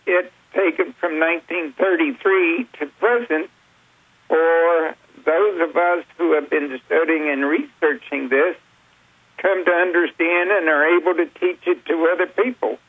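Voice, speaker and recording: Phone guest, male, husky, very slow and halting, tinny line. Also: a little high, no room sound. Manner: slow, halting, with many fillers. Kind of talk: talk radio interview. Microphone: telephone.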